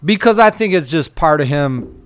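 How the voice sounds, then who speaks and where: A man casually telling a rambling, profane story on a podcast, getting louder and laughing as it goes. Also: a little high, expressive, moderate pace.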